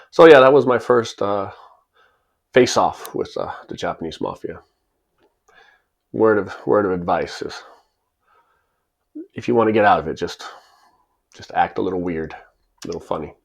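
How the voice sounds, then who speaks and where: Lowish-voiced man, chuckling storyteller. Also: unhurried, creaky, long pauses. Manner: chuckles as he tells it and acts out the people in the story. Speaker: channel host telling a personal story. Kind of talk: casual spoken anecdote.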